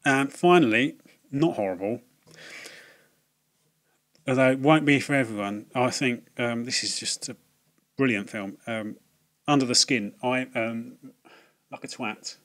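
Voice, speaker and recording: A man's voice: medium pitch, a little slow, long pauses, fairly bright tone. A man giving a casual, rambling film review, full of fillers, restarts and swearing.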